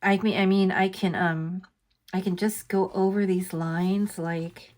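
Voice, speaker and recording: An older American woman chats casually while drawing at her desk at home. She's a coloring book artist, and her rambling, hesitant talk is full of fillers. Her voice is medium-pitched and steady, a little slow, with a slightly dark tone.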